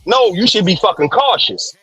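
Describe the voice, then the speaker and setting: A man in a casual podcast debate, pushing back in a measured, firm way. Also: high voice, lively intonation, sharp tone, husky, low-quality recording.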